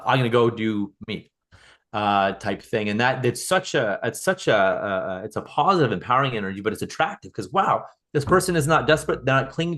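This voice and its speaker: A man's voice: mid-range voice, a bit bright. A man as a podcast guest, talking earnestly in casual conversation, often restarting and repeating words.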